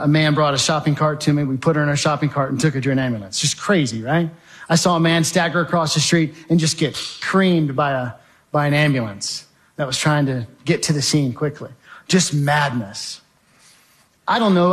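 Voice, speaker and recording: A man giving a testimony as dramatic storytelling, vivid and emphatic, speaking straight to his audience. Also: a little high.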